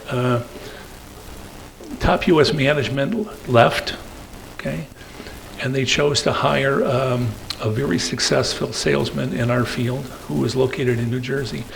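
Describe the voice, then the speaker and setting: An older man tells stories to a meeting room while clicking through slides. His voice is gravelly and sits at an ordinary pitch. He rambles, hesitates on fillers and keeps tagging his points with "okay?". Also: a little slow, slight background noise, low-quality recording. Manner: rambling, peppers sentences with "okay?"; hesitant fillers between phrases. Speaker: guest speaker. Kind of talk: anecdotal storytelling talk.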